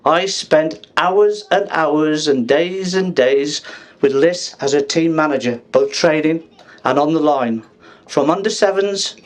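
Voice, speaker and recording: A fifties-aged man with a fairly high voice plays the father of the bride at a reception, cracking jokes, teasing guests and leaving pauses for laughter.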